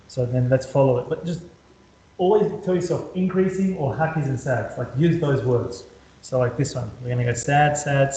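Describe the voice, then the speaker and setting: A man's voice: medium pitch, warm tone. Chatty male maths tutor, roomy sound. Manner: chatty, repetitive, talks students through steps. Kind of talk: casual whiteboard lesson. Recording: roomy echo, slightly dull lo-fi sound.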